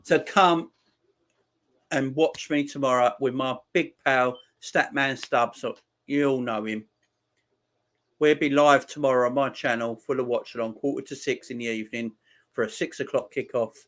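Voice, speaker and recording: A man hosting a live football watchalong, chatting casually, reading out viewer messages and repeating his shout-outs. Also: medium pitch, fairly even intonation, normal speed. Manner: rambling, repeats phrases. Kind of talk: casual live-stream chat.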